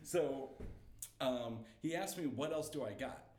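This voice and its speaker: A young man telling a story as a guest, lively and laughing, acting out the quotes. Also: medium pitch, unhurried, reverberant. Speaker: comedian guest. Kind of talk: animated storytelling.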